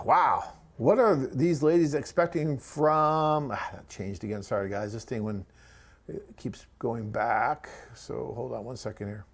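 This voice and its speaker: A man hosting a live webcast and answering viewer questions in a chatty, rambling way, often tagging on "right?" and pausing with "um". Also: mid-range voice.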